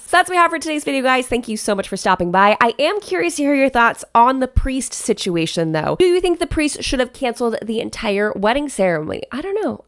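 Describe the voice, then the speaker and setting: A woman wedding planner giving advice in a casual vlog, chatty and direct, often checking in with "okay?". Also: a little high.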